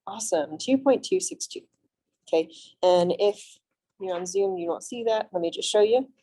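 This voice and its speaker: Young female instructor, warm mellow tone, friendly classroom lecture, reassuring check-ins. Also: medium pitch, lively intonation, moderate pace, poor audio. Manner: friendly, reassuring, asks frequent check-in questions. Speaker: math instructor. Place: classroom, also streamed on video call.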